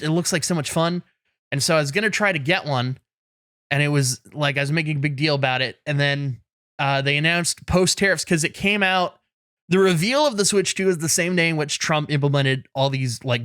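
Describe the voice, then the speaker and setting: A man co-hosting a podcast, telling a self-deprecating story in a lively way and laughing often. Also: a little high, brisk, no echo, clean studio sound. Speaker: podcast co-host. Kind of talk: casual podcast chat. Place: in Canada.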